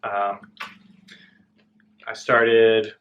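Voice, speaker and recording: A man's voice: on the low side, very slow. Laid-back man rambling between bites. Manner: relaxed, hesitant, many fillers. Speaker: co-host, guest on the vlog. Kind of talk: casual mukbang chat. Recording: dull lo-fi sound.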